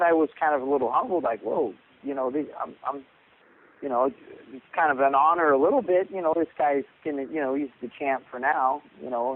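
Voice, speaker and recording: A man, a boxing coach and podcast guest, telling a rambling story over the phone, repeating words and acting out what others said. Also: fairly high pitch. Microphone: phone call. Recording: tinny phone line.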